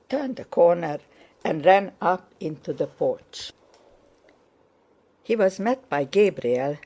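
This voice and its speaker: A woman narrates a classic novel with measured, even delivery. Her voice is low and mellow, and she takes an unhurried pace throughout. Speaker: audiobook narrator. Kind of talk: scripted narration.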